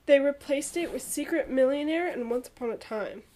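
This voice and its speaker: Young woman, casual chat, enthusiastic, quick to agree, slightly high-pitched. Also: animated, warm tone, low-quality recording. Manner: enthusiastic, frequent "I know" and "oh my gosh".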